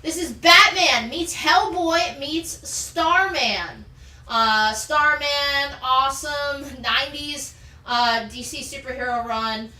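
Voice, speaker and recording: A woman's voice: high voice, slow pace, pushed and bright, distant mic. A woman hosting a live comic sales show, chatty and enthusiastic as she rattles off issue details and prices. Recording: roomy, off-mic, faint background noise.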